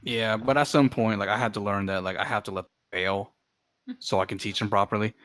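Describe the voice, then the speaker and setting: A man's voice: lowish voice, fairly even intonation, a little fast, fairly bright tone, no echo. Teasing, blunt podcast co-host, a man in a dead-dry room. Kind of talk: casual chat.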